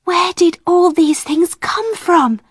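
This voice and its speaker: A woman voicing a hungry, tired young girl who is gentle and hopeful, speaking softly and often in a whisper. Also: extremely high pitch, takes it slowly, no room sound, clean studio sound, pitched above the performer's own voice. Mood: amazed. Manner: soft, hushed, often whispering.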